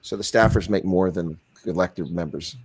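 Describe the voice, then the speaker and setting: A man's voice: low voice, moderate pace, husky. A man co-hosting a casual video-call chat, wisecracking and rambling through asides.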